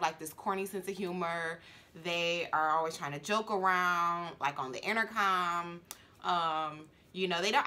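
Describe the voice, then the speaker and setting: Chatty bright-voiced woman reacting. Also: on the low side. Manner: chatty, filler-heavy, laughing. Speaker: flight attendant reacting to a TV show. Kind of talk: casual reaction commentary.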